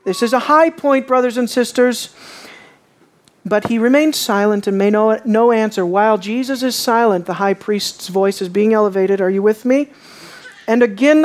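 A woman preaching a sermon, emphatic and dramatic, her voice swelling from quiet explanation up to shouting. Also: medium pitch, moderate pace.

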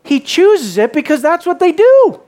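A man's voice: extremely high pitch, very animated, normal speed. Emphatic preaching man. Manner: emphatic, repeats words, swings between soft asides and loud calls. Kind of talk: sermon.

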